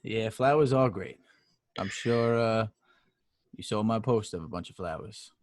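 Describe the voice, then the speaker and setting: A man's voice: lowish voice, a little slow, no room sound. Teasing New man, dry close sound. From New York. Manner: joking, teasing banter. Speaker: podcast co-host. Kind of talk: casual chat.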